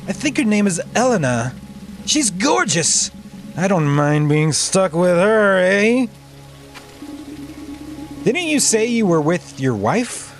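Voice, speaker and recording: A man's voice: sits high, voice pushed up, heavily acted. A man voicing a smug, flirtatious middle-aged male guest in a game, with a teasing manner.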